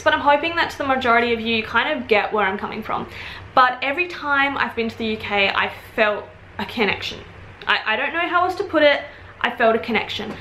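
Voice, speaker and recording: A woman in her twenties from Australia, with an Australian accent softened by British influence, chatting casually to camera at home in a rambling way with quick asides. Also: sits high, echoey room, a little hiss or hum. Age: 20s. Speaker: vlogger. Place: at home, indoors.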